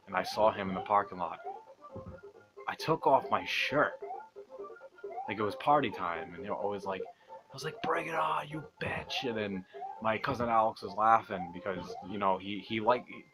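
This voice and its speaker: A young man who hosts a gaming channel tells a long, rambling story over gameplay, swearing, mocking himself and laughing often. It's late at night, so he keeps his voice soft, and it sits on the low side.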